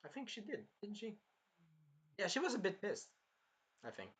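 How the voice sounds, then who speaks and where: A man recapping an anime episode in an excitable, rambling way, jumping between plot points. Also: high-pitched, moderate pace, husky. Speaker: anime reviewer.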